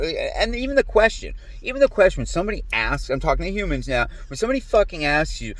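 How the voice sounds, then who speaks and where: A man's voice: a little high, big pitch swings, quick pace, few pauses, fairly bright tone, no echo. Profane rambling man ranting. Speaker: vlogger. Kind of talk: rambling monologue to camera. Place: lives in a humid climate.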